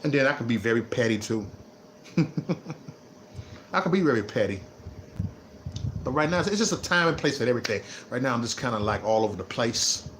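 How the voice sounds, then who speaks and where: A man ranting on his vlog, repeating himself and swinging between low muttering and loud laughing outbursts. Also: animated, normal speed, pauses often, a little hiss or hum. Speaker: vlogger. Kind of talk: unscripted livestream rant.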